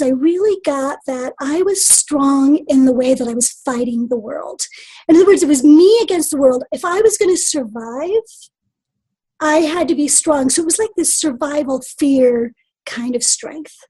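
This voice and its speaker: High, mellow-voiced woman from the Midwest. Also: expressive, normal speed, rough recording. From Midwest of the United States. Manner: earnest, reflective. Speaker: podcast guest. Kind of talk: personal storytelling in interview.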